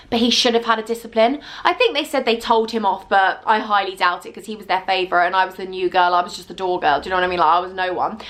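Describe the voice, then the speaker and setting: Brief: a woman in her twenties, chatty storytime vlogger, slightly high voice. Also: a bit bright. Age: 20s. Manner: chatty, rambling with many asides. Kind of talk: storytime vlog.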